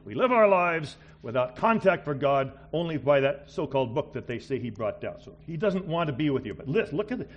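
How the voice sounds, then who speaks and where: A middle-aged man preaching a missionary sermon, swinging between loud exclamations and quiet asides. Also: fairly high pitch, very animated, fairly quick, hardly any pauses, highs cut off.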